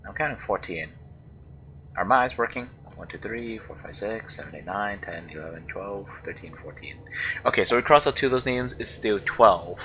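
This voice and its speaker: A man with a low voice and a bright, forceful tone, talking through a game as he plays. He thinks aloud and hesitates, puzzling over how to say unfamiliar words. A faint hiss of noise sits behind him. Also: animated, moderate pace, rough recording. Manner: thinking aloud, unsure, musing over pronunciations. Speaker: let's play gamer. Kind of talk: casual gameplay commentary.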